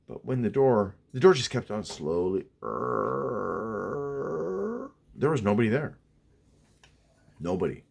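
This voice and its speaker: A man's voice: fairly low pitch, animated, unhurried, vocal fry, pauses often, breathy edge. Chatty man telling a spooky story. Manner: chatty, restarts, asides to listener. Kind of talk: casual spoken horror storytelling.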